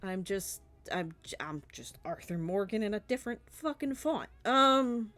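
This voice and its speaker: A woman's voice: mid-range voice, animated, a little slow, a bit bright, soft background music. A woman with a Southern US accent, a streamer chatting casually and rambling with lots of fillers and giggles during a Q&A. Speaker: streamer and artist.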